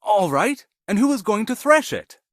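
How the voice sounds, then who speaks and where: A man's voice: high-pitched, very animated, moderate pace, no echo, clean studio sound, voice pushed up. A man doing an eager, hardworking cockerel. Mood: calling, eager. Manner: calling out loudly, eager. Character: hardworking patient male cockerel.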